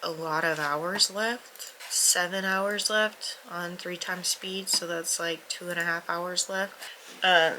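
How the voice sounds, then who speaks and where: A woman's voice: lowish voice, steady tone, slow, bright, forceful tone, slight background noise, low-quality recording. A young woman talking candidly to camera in a casual book vlog, her voice stuffy from crying, self-deprecating and swearing freely, sometimes dropping to a near-whisper. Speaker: book vlogger.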